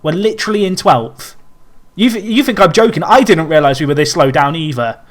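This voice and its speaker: A man from England co-hosting a casual football podcast, talking in an animated, ranting, self-deprecating way. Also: on the high side, fairly quick. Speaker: podcast co-host.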